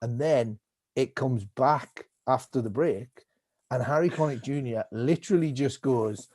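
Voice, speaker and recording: A man's voice: mid-range voice, measured pace, a little mellow, no echo. A man who is a comedian, a guest in a casual conversation over a video call, rambling animatedly and acting out voices as he tells stories.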